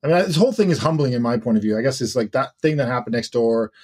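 A man's voice: mid-range voice, lively intonation, rapid-fire, darkish tone, slight background noise. A man co-hosting a current-events podcast in casual, rambling chat. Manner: conversational, rambling with restarts and asides. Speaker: podcast co-host.

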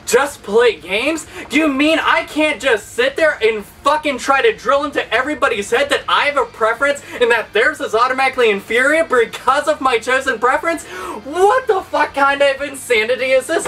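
A man's voice: very high-pitched, pushed and bright, recorded from a distance. A man hosting a gaming video, delivering a heated, sarcastic, profanity-laced rant. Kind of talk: angry rant vlog.

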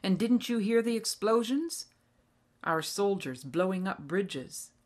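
A woman's voice: mid-range voice, lively intonation, takes it slowly, voice pushed up. A woman reading the part of a grave farmer man who urgently tells of war news. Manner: urgent, insistent.

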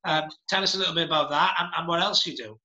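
Brief: middle-aged male host, very bright, sharp voice, unhurried and rambling, recorded with a roomy echo. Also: on the high side, muffled recording. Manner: unhurried, rambling, many hesitations. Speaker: podcast host. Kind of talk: casual interview chat.

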